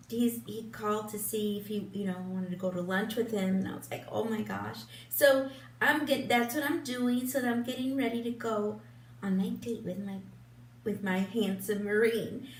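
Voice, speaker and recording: Fifties woman, beauty vlogger, slow rambling chat, echoey room, off-mic. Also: on the high side, slight background noise. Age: 50s. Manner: chatty, rambling, with frequent ums and restarts. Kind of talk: casual get-ready-with-me chat. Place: room at home in front of a big lit mirror. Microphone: camera a little way off, turned sideways. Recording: roomy echo, voice a bit distant from the mic.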